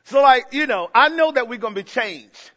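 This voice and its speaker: An older man, a pastor, preaching a sermon, swinging from quiet asides to shouted emphasis and playful mimicry. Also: very high-pitched, expressive, moderate pace, dull audio.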